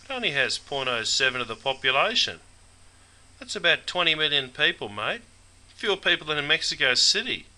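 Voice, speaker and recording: Bright-voiced Australian man saying mate. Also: mid-range voice, rough recording. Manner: broad and jokey, says mate constantly. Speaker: slang teacher. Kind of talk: scripted comic lesson narration.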